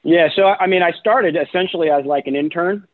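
A man telling career stories in a loose interview, chatty and animated, with lots of "you know" and "right". His voice sits a little high for a man. It comes through a thin, phone-like line with a dry sound. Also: fairly quick, dry recording. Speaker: guest, real estate investor. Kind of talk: casual interview storytelling.

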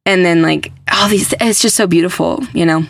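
A woman's voice: lowish voice, moderate pace, creaky. A young adult woman hosting a podcast, chatting casually and emphatically with lots of "like" fillers. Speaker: podcast host. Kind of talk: casual faith podcast chat.

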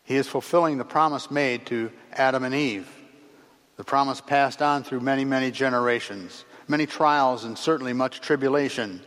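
A man delivering a sermon in a steady, mid-pitched voice. He speaks earnestly and pauses between phrases, letting his voice fall at the close of each thought. The sound carries the long reverb of a large church hall. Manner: measured, earnest, pausing between phrases, voice dropping at phrase ends. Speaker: preacher.

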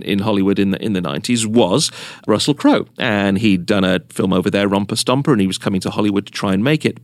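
A man hosting a podcast, recorded on a close studio mic with a dry sound. He tells anecdotes in a relaxed, chatty way, often laughing through his stories. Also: on the low side, no room sound. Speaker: podcast host. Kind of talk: casual chat, storytelling.

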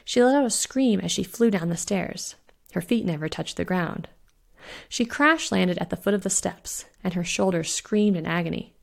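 A woman reads her own spooky short story aloud in a steady storyteller's voice. Her voice sits low with a gravelly texture, and the delivery stays even throughout. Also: normal speed. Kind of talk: scripted narration.

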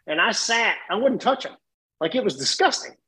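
Middle-aged male podcast guest, animated storyteller with a somewhat high voice. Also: moderate pace, rough recording. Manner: animated, laughs often, acts out voices. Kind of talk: casual storytelling.

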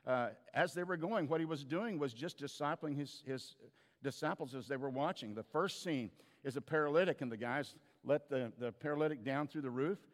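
Man preaching in a reverberant hall. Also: mid-range voice. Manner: conversational storytelling with frequent restarts. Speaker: pastor. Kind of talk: sermon.

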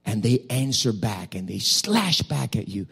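A man preaching a sermon as pastor, animated and acting out dialogue. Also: fairly low pitch, measured pace, vocal fry, slightly rough. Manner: animated, acts out dialogue in different voices.

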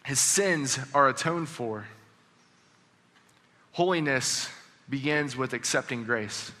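Male pastor, sermon, bright forceful voice, long hall reverb, earnest storytelling. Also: medium pitch, slow. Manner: storytelling, earnest, drops to a hush on key lines.

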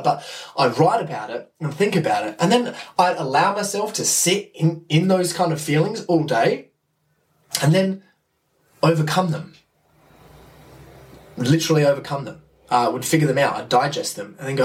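A man's voice: a little high, lively intonation, fairly quick, distant mic. A young man, talking casually and enthusiastically on his podcast, rambling and swearing as he goes. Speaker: podcast host.

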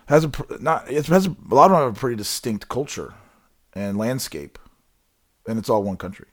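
A man's voice: mid-range voice, expressive, a little fast. A man in casual chat, rambling through his thoughts and asking questions. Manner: rambling, many fillers and restarts, asks questions. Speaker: conversation partner.

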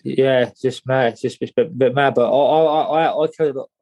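A man telling a personal story in an interview, halting and repeating words, often saying "mate". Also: medium pitch, steady tone, a little mellow. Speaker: guest.

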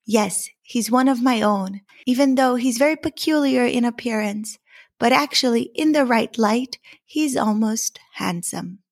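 A fretful mother duck from a storybook, anxious and protective of her young, as a woman reads her part. The voice sits a little high with a gravelly edge, close and dry. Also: unhurried, no room sound. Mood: fond.

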